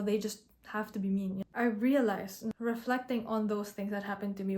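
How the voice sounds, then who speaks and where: A woman's voice: medium pitch, darkish tone. A young woman, a content creator, candidly telling a personal story in a reflective vlog, with frequent restarts and "like".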